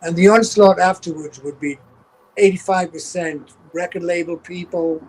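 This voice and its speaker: A man's voice: high-pitched, steady tone, moderate pace, low-quality recording. An older man with a Geordie accent, a guest telling rambling, profane road stories. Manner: salty, swears freely, rambling. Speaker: guest, veteran tour manager. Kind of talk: casual anecdotal storytelling.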